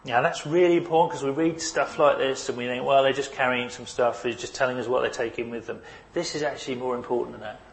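Male preacher, mid-pitched, emphatic sermon delivery with repeated lines. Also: fairly even intonation, quick pace, creaky, a little hiss or hum. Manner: emphatic, repeats key phrases, varies loudness for stress.

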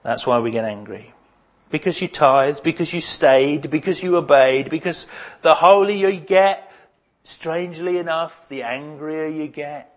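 A man's voice: fairly high pitch, unhurried. A man preaching a sermon, putting emphatic rhetorical questions to his congregation. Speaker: pastor.

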